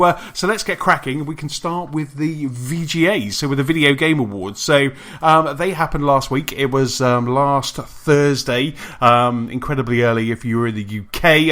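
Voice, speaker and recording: A man's voice: medium pitch, bright, forceful tone. A man hosting a casual gaming podcast, rambling with fillers and restarts and laughing easily. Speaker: podcast host.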